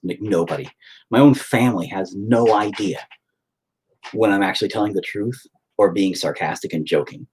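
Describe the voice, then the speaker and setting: A man's voice: fairly low pitch, moderate pace, a little mellow, slightly rough. A man hosting a painting livestream from home, talking in a rambling, sarcastic, self-mocking way with plenty of swearing. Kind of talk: casual chat while painting.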